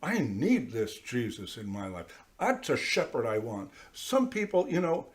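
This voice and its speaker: In church, a priest with a medium-pitched voice delivers a conversational sermon at a measured pace. He talks animatedly and straight to the congregation, putting on little voices throughout.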